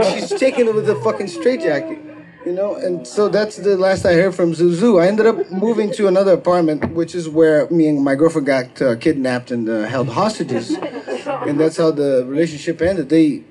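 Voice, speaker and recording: High-voiced man telling a stand-up story. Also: moderate pace. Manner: profane, animated, acts out quotes with shouts. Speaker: stand-up comedian. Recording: live crowd laughter. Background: audience laughter.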